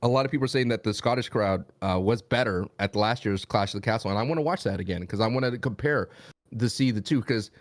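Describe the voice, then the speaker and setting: A man's voice: on the low side, quick pace, dry recording, clean studio sound. A man co-hosting a podcast, talking in a chatty, rambling, conversational way. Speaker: podcast co-host. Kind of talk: casual chat.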